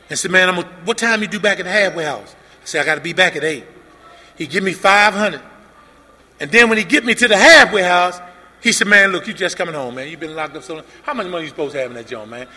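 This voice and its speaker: A man sharing his recovery story at a meeting, acting out both sides of the dialogue and rising to shouts. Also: high voice. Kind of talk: personal testimony at a meeting. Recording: long hall reverb with faint room noise.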